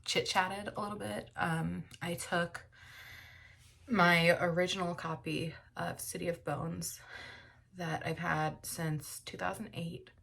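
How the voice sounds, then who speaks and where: Slow, low-pitched, teary woman vlogger. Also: little pitch movement, creaky, a bit bright, breathy edge. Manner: emotional, teary, rambling with many fillers. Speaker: book vlogger. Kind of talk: casual personal reflection. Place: at home.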